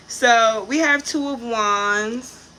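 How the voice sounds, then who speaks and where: This pregnant tarot reader has a slightly high voice that comes across pushed and bright, with a little hiss or hum on the track. Speaking to camera, she reads the cards casually and profanely, drifting into chatty stories about people she's run into.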